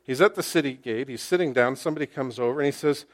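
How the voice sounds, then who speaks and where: A male pastor preaching a sermon to his congregation. He uses lively storytelling, rhetorical questions and wry humor. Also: mid-range voice, fast talker. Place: church, speaking to a congregation with slides.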